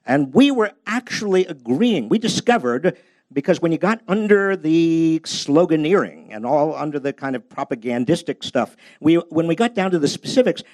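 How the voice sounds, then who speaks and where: A man's voice: fairly high pitch, darkish tone, no room sound. An older man giving a humorous, anecdote-filled talk about his book at a public library, storytelling with a self-deprecating edge. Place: public library event space.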